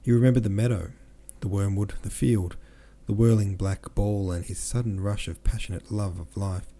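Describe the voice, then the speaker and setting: A man reading a classic novel aloud as a podcast narrator, steady, with small slips he corrects himself. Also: lowish voice, moderate pace. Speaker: audiobook narrator and podcast host.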